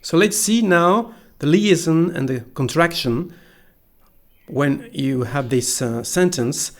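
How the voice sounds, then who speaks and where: A man's voice: fairly high pitch, animated, slow. A man with a French accent, a native French speaker from France, teaching pronunciation patiently and repeating phrases for learners. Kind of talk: slow pronunciation lesson.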